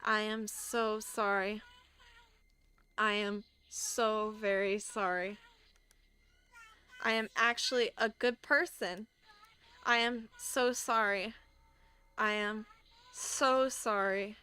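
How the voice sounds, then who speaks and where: A woman voicing a possessed antique doll holding a guilty man's spirit, reading its lines slowly in a flat, repetitive way. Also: mid-range voice, clean tone. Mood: cold remorseful. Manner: slow, flat, repetitive apologies. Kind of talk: reading game dialogue aloud.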